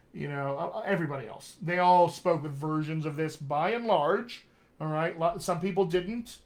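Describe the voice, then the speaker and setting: Opinionated man coaching accents, slightly higher pitch. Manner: opinionated, conversational, emphatic. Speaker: dialect coach. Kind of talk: live-streamed accent lesson.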